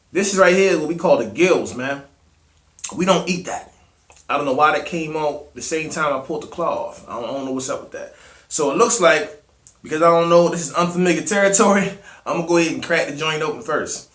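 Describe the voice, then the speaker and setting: A young man with a Maryland accent chats in relaxed slang, calling his viewers family. His voice sits a little high, and the room adds a noticeable echo. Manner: laid-back slangy, calls viewers family. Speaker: mukbang vlogger. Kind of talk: casual eating vlog.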